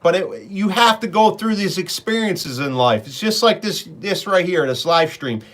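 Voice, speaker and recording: A man's voice: high voice, animated, normal speed, fairly bright tone. A middle-aged man, chatting casually on a live stream, rambling through stories and talking to viewers by name.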